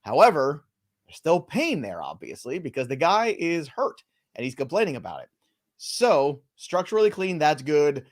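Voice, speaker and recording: A man's voice: fairly high pitch, big pitch swings. A man co-hosting a live fantasy baseball stream, chatting casually and joking between player updates. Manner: loose, joking banter with quick asides.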